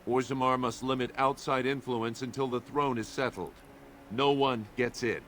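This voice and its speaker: Stern dwarf guard, firm official tone, level mid pitch, as a man acts it out, game voice. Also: fairly even intonation, moderate pace, a bit bright, a little hiss or hum, natural voice.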